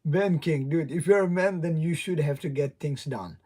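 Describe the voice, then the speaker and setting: Young male livestreamer, non-native English accent, higher-pitched, mellow voice, chatty and giggly. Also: normal speed. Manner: rambling, laughs often, greets chat viewers. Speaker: livestream host. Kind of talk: casual live stream chat.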